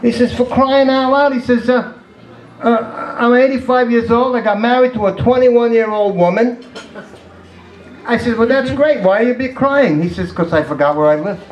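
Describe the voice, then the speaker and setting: A man's voice: very high-pitched, moderate pace, a little mellow, echoey room, low-quality recording. A man doing a stand-up routine of one-liners, chuckling at his own jokes. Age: 60s. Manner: laughs at his own jokes, sighs "terrible". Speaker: stand-up comedian.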